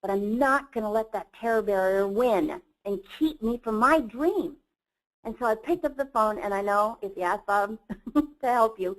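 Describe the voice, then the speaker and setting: A woman's voice: on the high side, moderate pace, low-quality recording. A woman who runs the company gives a motivational webinar talk in an earnest, enthusiastic storytelling manner. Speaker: company CEO presenter.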